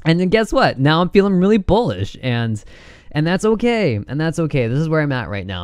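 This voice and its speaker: A man doing a casual vlog about trading charts, excitable and giddy, quick to laugh as he goes. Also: a little high, clear, resonant tone, dry recording, studio quality. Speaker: trading vlogger.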